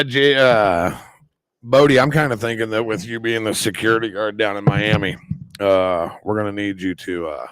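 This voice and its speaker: Excitable man hosting a live reaction stream. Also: lowish voice, no room sound. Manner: excitable, rambling, quick exclamations.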